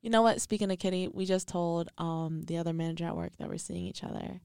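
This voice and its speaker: A woman co-hosting a podcast, telling a story in animated, slangy casual chat with frequent laughs. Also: on the low side, fast talker, gravelly, smooth, dry recording, studio quality. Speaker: podcast co-host.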